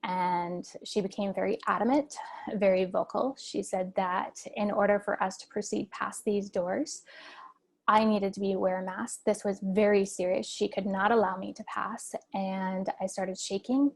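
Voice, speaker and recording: Gravelly-voiced woman recounting an ordeal. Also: mid-range voice, normal speed. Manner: earnest, steady retelling of a distressing event. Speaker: interviewee. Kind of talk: personal account in an interview.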